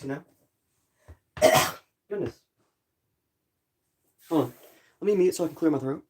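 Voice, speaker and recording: A young man talks to his live stream viewers in a loose, rambling way, apologizing often. His voice sits a little high for a man yet carries a groggy morning roughness. A faint hiss of background noise stays under his speech. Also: a little slow, pauses often. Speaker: livestreamer. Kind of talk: casual live stream chat. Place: home in a rural area.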